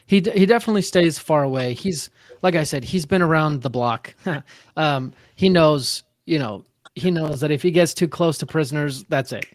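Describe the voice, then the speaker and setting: A man's voice: a little high, normal speed, no echo, clean studio sound. A man running a tabletop game as game master, talking with many hesitant fillers over a video call.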